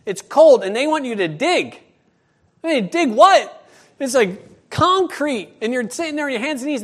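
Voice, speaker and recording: Animated man preaching a sermon. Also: extremely high pitch. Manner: animated storytelling, acts out voices. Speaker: pastor. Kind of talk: sermon with personal story.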